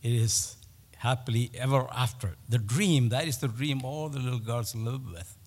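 Male pastor, measured sermon delivery with emphatic repetition, recorded in a hall with long reverb. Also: medium pitch. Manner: storytelling, with pauses and emphatic repetition. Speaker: preacher.

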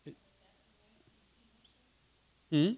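A man's voice: very slow, mellow. A man preaching in a conversational way, asking his listeners questions and building to fervent emphasis. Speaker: pastor teaching a Bible study. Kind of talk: interactive sermon.

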